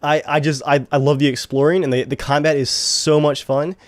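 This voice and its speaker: A man's voice: a little high, level tone, brisk, no echo. Easygoing man on a dry mic. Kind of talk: casual podcast chat.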